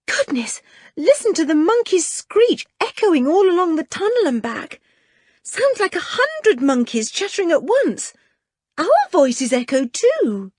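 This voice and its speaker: A woman reading an audiobook, voicing a frightened young girl in a high voice. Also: normal speed, few pauses, breathy edge, no room sound, studio quality, heavily acted. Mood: nervous. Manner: high, excited.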